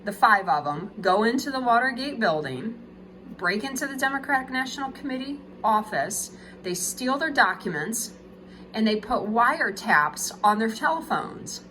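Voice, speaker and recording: A chatty woman teacher walks through a casual video lesson, joking about her drawings and checking in with "okay?". Her voice is bright, with faint background noise. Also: a little high, animated, normal speed, poor audio.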